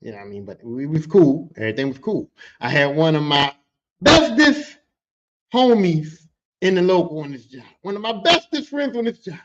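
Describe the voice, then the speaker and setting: A man's voice: fairly high pitch, sing-song, normal speed, dull audio. A man telling rowdy work stories on a podcast, casual and profane, often breaking into quoted voices. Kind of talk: casual storytelling.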